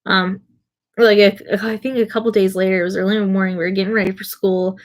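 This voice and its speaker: A woman's voice: medium pitch, little pitch movement, quick pace. A young adult woman streaming to her viewers, with an ordinary mid-range voice. She rambles from one story to the next, mocks herself and laughs as she talks. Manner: rambling, self-mocking, laughs through her stories. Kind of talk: casual storytelling.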